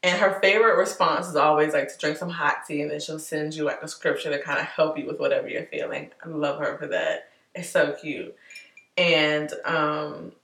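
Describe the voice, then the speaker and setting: A woman vlogger talking candidly and warmly to her viewers, chatty and heartfelt, calling them y'all. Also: low voice, moderate pace, reverberant, recorded from a distance. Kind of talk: candid personal vlog talk.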